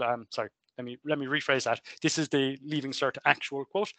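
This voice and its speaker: A man's voice: medium pitch, steady tone, fast talker, sharp tone, dry recording. A man with an Irish accent giving a recorded engineering lecture over a webcam, chatty and full of fillers and self-corrections. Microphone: webcam mic.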